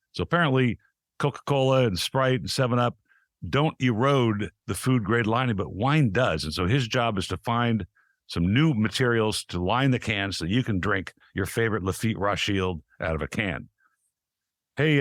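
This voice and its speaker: An American man hosting a podcast interview, chatty and quick to laugh, often restarting his sentences. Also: medium pitch, fairly bright tone, dry recording, studio quality. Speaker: podcast host. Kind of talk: casual interview chat.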